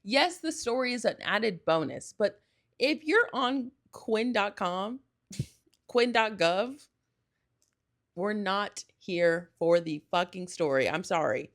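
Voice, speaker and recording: A woman's voice: medium pitch, animated, takes it slowly, a bit bright. Rambling, gushing young woman podcaster. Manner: gushing, rambling, with frequent "like" and self-corrections. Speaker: podcast host. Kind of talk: casual solo podcast chat.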